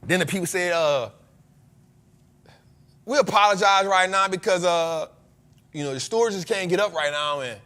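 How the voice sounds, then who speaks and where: Male host: high voice, very lively delivery, slangy, laughs easily. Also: moderate pace, long pauses. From United States. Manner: animated, slangy, laughs often. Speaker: show host. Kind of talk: casual storytelling.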